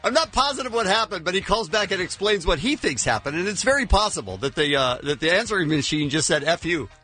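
Animated male radio host, bright and teasing, casual banter. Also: sits high, fast talker. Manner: teasing, caring, storytelling.

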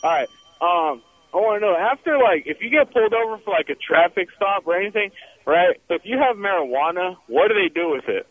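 A man's voice: high-pitched, lively intonation, fairly quick, phone-quality sound. A man calling in to a radio show who asks his question in a laid-back, hesitant way. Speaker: radio caller. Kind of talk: casual call-in question.

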